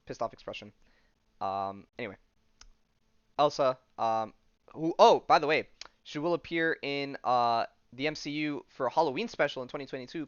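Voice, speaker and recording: A man's voice: mid-range voice, dry recording, dull audio. A man hosting a podcast, recapping a comic in a loose, rambling way with lots of "like" and "um". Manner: rambling, full of "like" and "um", paraphrases dialogue loosely. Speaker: podcast host. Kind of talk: casual comic-book recap.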